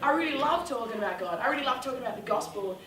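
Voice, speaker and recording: A woman's voice: sits high, expressive, rapid-fire, a crowd in the background. A young woman telling a funny, self-mocking story to a youth audience, acting out the quotes with big jumps in her voice. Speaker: youth ministry speaker. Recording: roomy hall sound from a distance.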